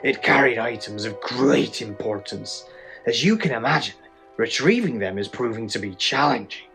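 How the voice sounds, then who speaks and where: A gamer voicing a mysterious, formal male collector in a video game, speaking slowly in a low, strained, would-be gravelly voice. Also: over loud music, close to an everyday voice. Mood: stately. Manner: slow, low, stately delivery.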